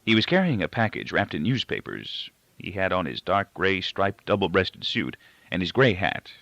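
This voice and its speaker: Gravelly man reading a novel aloud. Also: deep voice, dry recording. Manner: measured, expressive first-person reading. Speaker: audiobook reader. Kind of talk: novel narration. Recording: dull, dry lo-fi recording.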